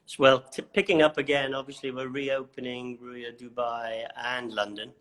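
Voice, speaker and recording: A man from the Isle of Man, a chef being interviewed, talking in a relaxed and modest way. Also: mid-range voice, normal speed. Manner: relaxed, modest, many fillers. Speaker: chef, guest. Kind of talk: casual interview chat.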